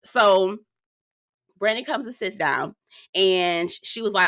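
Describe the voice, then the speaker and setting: A woman's voice: mid-range voice, expressive, moderate pace, fairly bright tone, dry recording, clean studio sound. A woman hosting a casual, sassy recap of a reality show, talking straight to her viewers.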